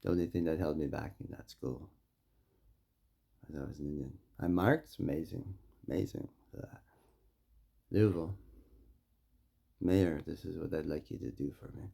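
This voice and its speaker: A man from Saskatchewan, Canada, speaking directly to a mayor and making demands, with confrontational stories that swing between loud and quiet. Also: very deep voice, moderate pace, gravelly, long pauses, breathy edge. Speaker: First Nation community member addressing a mayor. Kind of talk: impassioned direct address and storytelling.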